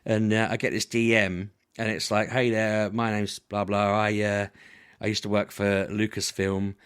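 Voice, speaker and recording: A man chats casually on a podcast. His voice sits fairly low, and he rambles through long anecdotes, often breaking into quick laughs. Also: little pitch movement, a bit bright, clean tone. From United Kingdom. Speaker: podcast co-host. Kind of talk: casual chat.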